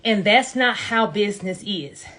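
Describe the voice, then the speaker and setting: A woman's voice: mid-range voice, measured pace, pushed and bright. A woman giving casual, emphatic business advice on a live stream while out of breath, calling listeners baby and honey. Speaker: business coach. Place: outdoors in a front yard.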